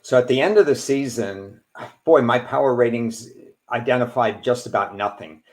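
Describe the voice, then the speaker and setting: A man's voice: medium pitch, normal speed, darkish tone. A man hosting a sports podcast, asking long, rambling questions. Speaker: podcast host, sports handicapper. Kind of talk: casual podcast interview.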